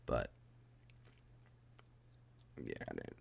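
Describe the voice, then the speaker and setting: A man's voice: low-pitched, unhurried, gravelly, long pauses. A young man hosting a podcast, rambling casually and jokingly with lots of "dude" and fillers. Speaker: podcast host.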